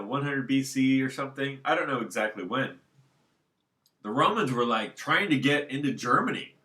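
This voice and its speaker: A man's voice: medium pitch, sharp tone. A man talking alone at home in a casual, unscripted monologue, rambling and circling back to his points. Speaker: solo commentator.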